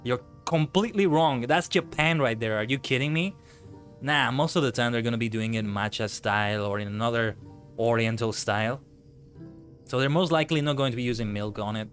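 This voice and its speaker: A man chatting on a live gaming stream who breaks into animated, swearing rants. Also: medium pitch, fairly quick, faint music behind. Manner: ranting, swears freely, animated outbursts. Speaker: VTuber streamer. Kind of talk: casual live-stream chat while gaming.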